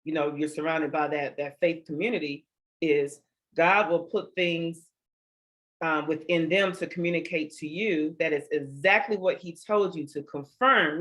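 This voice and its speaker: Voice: mid-range voice, moderate pace, a bit bright. An interviewer and board member who speaks in an upbeat, emphatic way, laughing easily and affirming the guest. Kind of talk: conversational interview.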